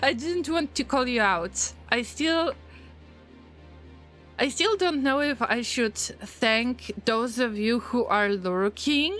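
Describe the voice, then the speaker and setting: A woman's voice: on the high side, animated, slow, fairly bright tone, soft background music. A woman streaming a game and chatting with her viewers in English, which is not her first language. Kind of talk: casual livestream chat while gaming.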